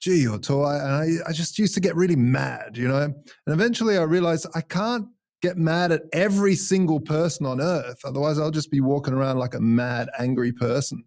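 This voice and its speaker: A man's voice: a little high, a little fast, darkish tone. A man co-hosting an interview show, telling stories in a rambling, self-deprecating way. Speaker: co-host. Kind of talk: casual conversation.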